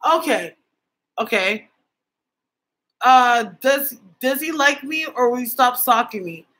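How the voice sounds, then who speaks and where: A woman's voice: on the high side, lively intonation, takes it slowly, fairly bright tone, rough recording. A young woman from Canada chatting casually with viewers on a livestream as a psychic medium host, reading their comments aloud.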